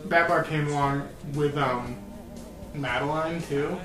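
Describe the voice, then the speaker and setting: A young man with a fairly high voice jokes his way through a loose podcast chat, swearing freely and breaking into laughter. The room rings with echo, and music plays clearly behind him. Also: steady tone. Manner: joking, swearing, quick laughs. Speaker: podcast co-host. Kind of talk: casual chat.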